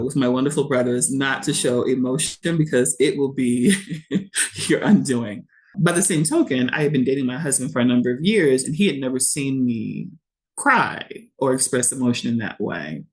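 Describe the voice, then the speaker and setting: A woman from Shreveport, Louisiana, with a rumbling low voice at normal speed tells a personal story as a podcast guest. She is candid and expressive, acting out what other people said in lively voices.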